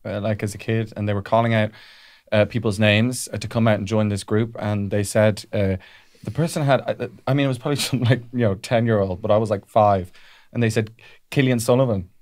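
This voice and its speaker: A man's voice: fairly low pitch, steady tone, darkish tone. A young Irish man co-hosting a comedy podcast, telling a childhood story in casual chat with many "uh"s and restarts. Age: young adult. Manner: halting, filler-heavy storytelling with lots of "uh".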